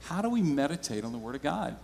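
A man's voice: on the high side, big pitch swings, quick pace, vocal fry, darkish tone, a little hiss or hum. Man preaching a sermon in a reverberant hall. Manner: conversational, storytelling preaching. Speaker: pastor.

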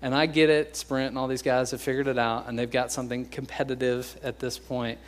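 A young American man preaching a sermon in a casual, joking way, slipping into quick impressions of other people. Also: mid-range voice, flat delivery. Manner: conversational and joking, acts out quoted voices. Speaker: pastor.

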